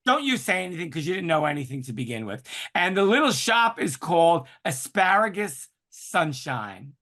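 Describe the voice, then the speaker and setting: A man in his sixties, a podcast guest in casual conversation, animated and flamboyant with dramatic exclamations. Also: a little high, moderate pace.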